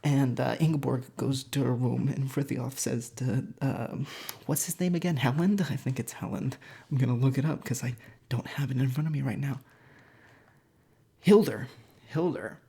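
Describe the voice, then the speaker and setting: A casual storyteller retells an old legend in an irreverent, rambling way. The voice is gravelly and a little husky, full of jokey asides and fillers. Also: medium pitch, normal speed, warm tone.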